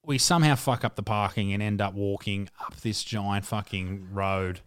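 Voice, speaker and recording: A man's voice: on the low side, fairly even intonation, normal speed, fairly bright tone, clean tone, dry recording, studio quality. A young Australian man co-hosting a crude, casual podcast, telling a long story with lots of swearing and laughter. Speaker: podcast co-host.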